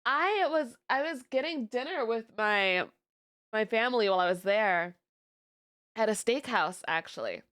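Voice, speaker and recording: A young woman VTuber chatting casually on stream, telling stories in an animated, giggly way and sounding tired. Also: fairly high pitch, a little slow, smooth.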